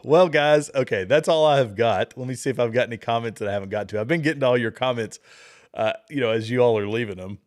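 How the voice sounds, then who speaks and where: A man's voice: medium pitch, quick pace. A middle-aged man hosting a livestream, chatting casually with viewers, rambling and chuckling at clips. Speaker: livestream host.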